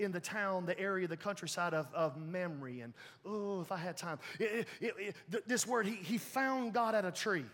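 Man preaching, really high voice, folksy and lively, laughing a lot, echo of a big church hall. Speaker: pastor. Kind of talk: sermon. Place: church sanctuary. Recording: hall reverb.

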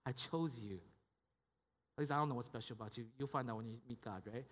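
A man's voice: medium pitch, fast, fairly bright tone. A man preaching a sermon as pastor, in a conversational style with frequent "right?" tag questions and restarts. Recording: long hall reverb.

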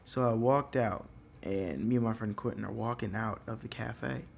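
A man's voice: lowish voice, moderate pace, gravelly, a little hiss or hum. A young man telling a story in a casual, rambling way, full of fillers. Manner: rambling, filler-heavy, loose.

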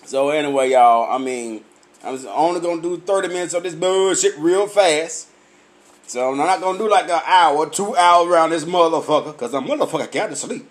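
A man, tipsy from drinking, telling loud, profane comic stories and laughing at his own punchlines. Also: a little high. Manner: loud, laughing, heavy cursing, drawn-out punchlines. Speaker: comedian vlogger. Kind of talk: profane comic storytelling rant.

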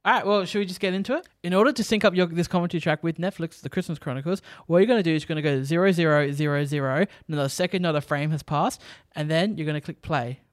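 A man's voice: on the high side, fast, few pauses, no echo, studio quality. A man hosting a casual movie commentary, organizing friends and explaining how to sync up. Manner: organizes the group, talks through setup. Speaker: commentary host.

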